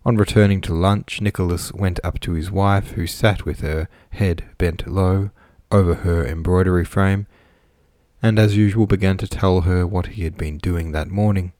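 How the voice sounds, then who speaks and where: Deep-voiced male audiobook narrator, measured reading, dry recording. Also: fairly even intonation, darkish tone, dry recording. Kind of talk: scripted narration of a classic novel.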